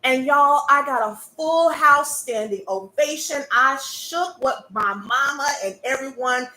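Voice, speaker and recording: Lady coach, sassy, keeps calling out to the crowd, kinda high bright voice in an echoey room. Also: a little slow. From American South. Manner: sassy and animated, calls out to listeners. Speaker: burlesque performer and self-love coach. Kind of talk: live-stream talk to an audience.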